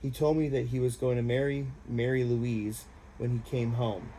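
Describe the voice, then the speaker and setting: A man's voice: mid-range voice, little pitch movement, moderate pace, mellow, slight background noise, rough recording. A man giving an amateur reading of a war memoir in a plain, unpolished way. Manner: plain, unpolished, casual asides. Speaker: audiobook reader.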